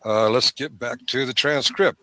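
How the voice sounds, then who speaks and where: Sarcastic man, bright and dry. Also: medium pitch, normal speed, no echo. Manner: rambling and sarcastic. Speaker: stream host. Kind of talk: casual live-stream commentary. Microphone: desk microphone.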